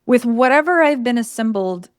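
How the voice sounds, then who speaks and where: A woman's voice: fairly high pitch, expressive, moderate pace, clean tone, no echo, clean studio sound. A woman co-hosting a reflective podcast conversation, thinking aloud in a contemplative way. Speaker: podcast co-host.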